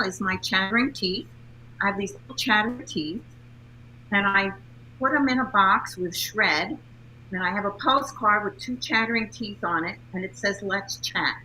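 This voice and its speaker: A woman's voice: mid-range voice, moderate pace, bright, forceful tone, slight background noise, rough recording. A woman, a guest speaker and author, telling upbeat anecdotes in a casual interview.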